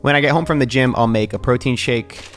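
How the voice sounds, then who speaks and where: A man in his thirties, from the American East Coast, narrating his vlog in a calm, measured and even-toned way. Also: mid-range voice, soft background music. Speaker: vlogger.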